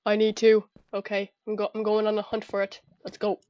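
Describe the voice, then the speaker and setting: A woman's voice: medium pitch, completely flat delivery, brisk, darkish tone, no room sound, muffled recording. A young Irish woman giving chatty, giggly commentary to herself while playing a video game. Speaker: gamer. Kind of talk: casual gameplay commentary.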